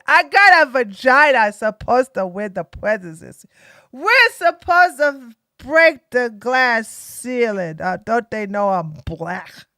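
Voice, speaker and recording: A woman's voice: high voice, bright, forceful tone, dry recording, clean studio sound, full character voice. A woman putting on a mocking impression of a whiny, self-pitying defeated woman politician. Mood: whining.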